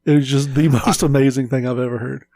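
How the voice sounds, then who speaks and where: A man's voice: medium pitch, fairly even intonation, fast talker, warm tone, dry recording. A man co-hosting a casual podcast, telling easygoing stories and swearing now and then. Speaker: podcast co-host. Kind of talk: casual chat.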